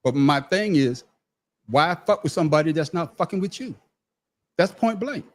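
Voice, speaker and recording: A man's voice: fairly high pitch, lively intonation, fairly quick. A middle-aged man on a podcast panel telling a story in casual chat, profane and emphatic, repeating his words as he starts a thought.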